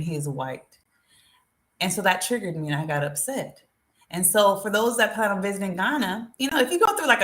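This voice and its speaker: A woman hosting a live stream, talking straight to her viewers in an animated, chatty way. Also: medium pitch. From United States. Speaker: vlogger. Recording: roomy echo.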